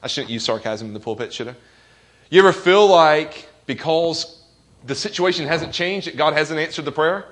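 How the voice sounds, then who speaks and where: A man's voice: on the high side, moderate pace, fairly bright tone. A man preaching a sermon as pastor, earnest, asking the congregation questions and quoting scripture with rising emphasis.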